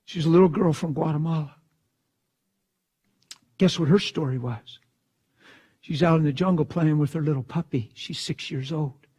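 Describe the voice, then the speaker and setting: A man preaching, telling a story in a hushed voice and then breaking into shouted bursts. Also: on the high side, moderate pace, pauses often, husky. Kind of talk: sermon storytelling.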